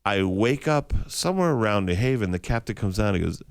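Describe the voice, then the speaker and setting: Gravelly animated male radio host. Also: on the low side, brisk, no echo, studio quality. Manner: storytelling, puts on calm pilot voices. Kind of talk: casual morning radio banter. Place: radio studio. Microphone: studio mic.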